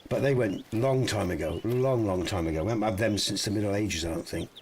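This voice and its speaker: A man's voice: fairly low pitch, a little fast, a little mellow, a little hiss or hum. A middle-aged man from the UK chatting casually and bluntly while streaming a hunting game, swearing freely and rambling as he thinks aloud. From United Kingdom.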